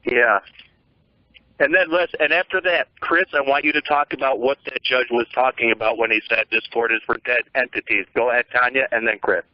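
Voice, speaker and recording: Male talk-show host, quick and brisk, directs callers, dry dull audio. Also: mid-range voice, steady tone, dry recording. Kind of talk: live call-in talk show.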